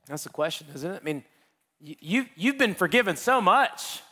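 A man preaching a sermon in a conversational, joking way, speeding up and slowing down as he explains. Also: high-pitched, sing-song, pushed and bright, big-room sound. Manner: conversational and joking, with big swings in pace. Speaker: pastor.

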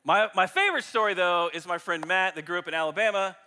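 A man preaching a sermon to his church, animated and jokey, acting out his illustrations for the congregation. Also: sits high, fast talker, clear, resonant tone. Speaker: pastor. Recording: reverberant hall.

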